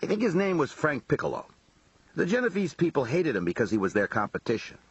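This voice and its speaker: A man's voice: a little high, huge pitch swings, fast, husky, no room sound, lo-fi sound, heavily acted. A man voicing a blunt, streetwise mob underboss who recounts his grievances in profane, conversational talk. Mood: scornful.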